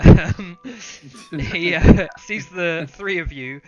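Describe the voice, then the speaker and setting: A man's voice: sits high, slow. A man narrating as game master in a chatty, laughing way. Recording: dull lo-fi sound. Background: faint music.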